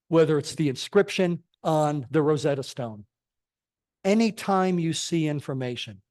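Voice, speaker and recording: A man's voice: on the high side, a little mellow. A middle-aged man giving a church talk on science and faith, emphatic and full of rhetorical questions, often checking in with "okay?". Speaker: guest speaker at a church. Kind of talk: sermon-style lecture on science and faith. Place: church sanctuary.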